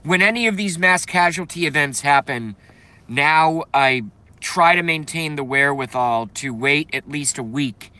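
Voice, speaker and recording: A man's voice: on the high side, a little slow, bright, forceful tone, smooth, no room sound. A man hosting a casual livestream, reading viewer comments and ranting bluntly with profanity, congested and coughing now and then. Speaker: livestream host.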